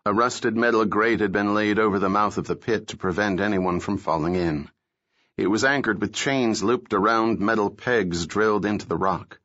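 A man reading a novel aloud as an audiobook, telling the story in a steady, measured way. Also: lowish voice. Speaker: narrator. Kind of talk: scripted audiobook narration. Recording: dull lo-fi recording.

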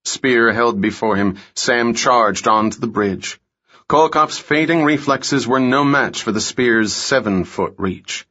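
Slow, husky male audiobook narrator. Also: mid-range voice, fairly bright tone, highs cut off. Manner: measured, unhurried thriller reading. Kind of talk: scripted narration.

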